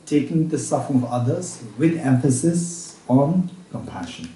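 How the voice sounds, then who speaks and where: A man teaching Buddhist practice at a retreat, repeating each point slowly as if dictating, with halting restarts and check-ins with his listeners. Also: medium pitch, expressive, mellow. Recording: roomy room, speaker far from mic.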